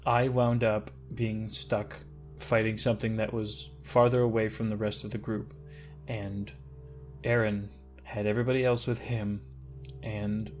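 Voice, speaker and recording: A man's voice: mid-range voice, darkish tone, lightly acted. A man voicing a guilt-ridden, frightened young village woman who stammers and halts, in a tabletop game with faint music behind. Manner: stammering, halting, breaking down.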